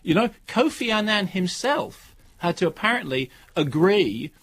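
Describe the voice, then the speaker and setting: Sardonic male film critic, lively rant, slightly high voice. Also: measured pace. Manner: sardonic, animated ranting. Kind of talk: radio film review.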